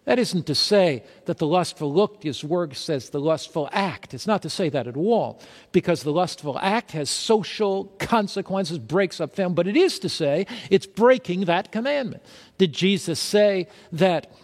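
High-voiced male preacher in a reverberant hall. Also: lively intonation, normal speed. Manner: rhetorical questions to the audience. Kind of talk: sermon.

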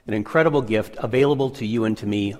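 A man's voice: lowish voice, fast, darkish tone, big-room sound. A man co-presenting a Bible lesson, affirming the preacher and reading scripture aloud. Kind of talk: sermon-style Bible lesson.

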